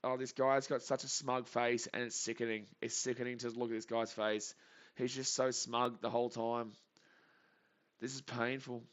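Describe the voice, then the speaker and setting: A man hosting a live reaction stream, calling pitches anxiously and pleading over and over, tired from an early start. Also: flat delivery, normal speed. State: tired, up early without coffee. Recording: dull lo-fi stream audio.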